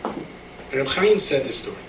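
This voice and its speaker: A man's voice: medium pitch, normal speed, far from the mic, background noise. A man preaching a sermon and telling stories, acting out the voices of the people in them. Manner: animated storyteller, acts out voices in quotes. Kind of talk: sermon storytelling. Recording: echoey room, speaker away from the mic.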